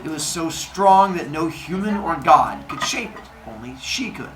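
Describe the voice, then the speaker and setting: A man's voice: fairly high pitch, lively intonation, moderate pace, fairly bright tone. A man telling a myth to kids in a playful, goofy way, with silly sound effects. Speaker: storyteller, podcast host. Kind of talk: animated myth storytelling for kids. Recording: echoey room with faint noise.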